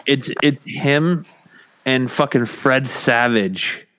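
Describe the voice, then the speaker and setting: A man's voice: medium pitch, slow, a little hiss or hum. A man co-hosting a podcast in casual banter, swearing freely and acting out what other people said. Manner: profane, animated storyteller who acts out quotes. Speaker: podcast co-host.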